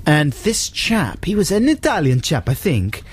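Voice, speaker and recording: A man's voice: fairly high pitch, huge pitch swings, moderate pace, slightly rough. A man hosting a radio show in casual, rambling, jokey chat. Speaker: radio host. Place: radio studio.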